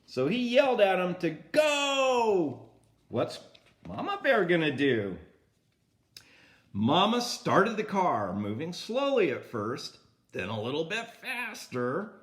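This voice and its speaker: An older man reading a picture book aloud to a grandchild, pausing to point at the pictures and comment on them. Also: on the high side, huge pitch swings, a bit bright.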